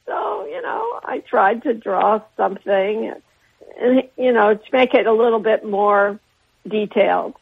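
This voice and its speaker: A woman's voice: mid-range voice, animated, unhurried, creaky, breathy edge. An older woman, a guest artist in an interview, telling long rambling anecdotes with restarts and bits of laughter. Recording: phone-line interview on radio.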